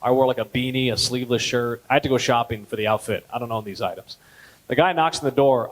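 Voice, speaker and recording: A man in his thirties doing a stand-up comedy set at a gala, telling stories deadpan and jumping up in pitch on punchlines. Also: fast talker, poor audio. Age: 30s. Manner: deadpan storytelling, with lively jumps in pitch on punchlines. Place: gala event hall.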